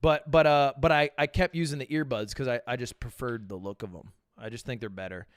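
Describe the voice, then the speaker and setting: A man's voice: mid-range voice, steady tone, a little fast, smooth, no echo, clean studio sound. A man streaming live, answering viewer questions in loose, profane chat full of stammered restarts.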